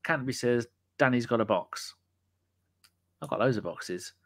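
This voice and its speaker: A man's voice: medium pitch, moderate pace. A man hosting a casual podcast and live chat. He talks in cheeky, sweary, jokey banter. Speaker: podcast host.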